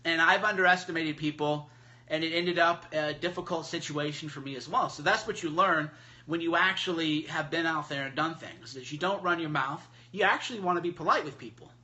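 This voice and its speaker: Man, livestream host, bright forceful voice, slightly high pitch, blunt and mocking. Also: fairly quick, highs cut off. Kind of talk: casual livestream monologue. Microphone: phone livestream.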